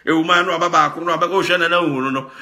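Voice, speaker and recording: A man's voice: fairly high pitch, fairly even intonation, rapid-fire, sharp tone. A Ghanaian man hosting a talk show, commenting emphatically, often repeating words and laughing. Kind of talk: animated commentary mixing Twi and English.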